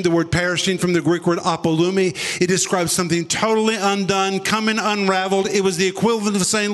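A man's voice: fairly even intonation, a little fast, soft background music. Man, preacher, sermon, dramatic storytelling, voice echoing in a big hall. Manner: dramatic storytelling, acting out quotes with big swings in pitch and pace.

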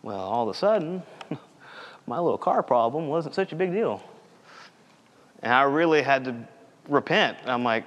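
Young male preacher, mid-pitched, earnest storytelling sermon, long hall reverb. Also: lively intonation, normal speed, long pauses, fairly bright tone, muffled recording.

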